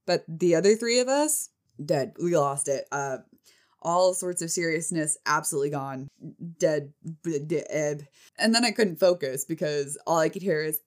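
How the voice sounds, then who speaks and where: Woman vlogger, lowish voice, lively self-mocking storytelling, rambles. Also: measured pace. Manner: animated, self-mocking, frequent laughs; rambling with restarts and fillers. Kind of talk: casual storytelling.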